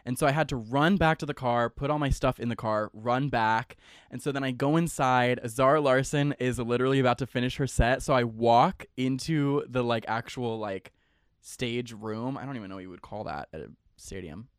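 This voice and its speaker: A man's voice: mid-range voice, moderate pace, clear, resonant tone, no room sound, clean studio sound. A young man hosting his own podcast, telling a long story in a chatty, casual way, full of "like" and playful slang. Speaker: podcast host.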